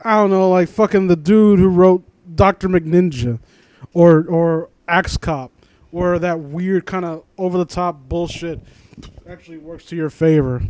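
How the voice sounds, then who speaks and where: A man's voice: high voice, steady tone, unhurried, a little mellow, no echo. A man hosting a mocking comedic reading of fan fiction, ranting sarcastically and swearing often. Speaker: host.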